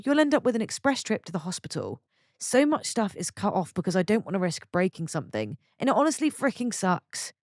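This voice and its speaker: A woman's voice: medium pitch, no room sound, studio quality. A woman narrating a string of short posts from an online forum, reading them one after another. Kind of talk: scripted story narration.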